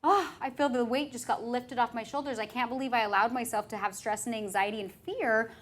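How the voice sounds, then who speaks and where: A woman's voice: a little high, steady tone, a little fast. A woman hosting a podcast in casual chat, a rambling, self-deprecating storyteller. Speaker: podcast host and hair trainer.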